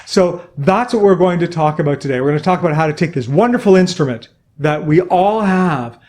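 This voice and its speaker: Male trainer, slightly high pitch, earnest instructional delivery. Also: animated, a little fast, darkish tone. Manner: earnest, illustrative, speaks straight to viewers. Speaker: communication trainer. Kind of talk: instructional video talk.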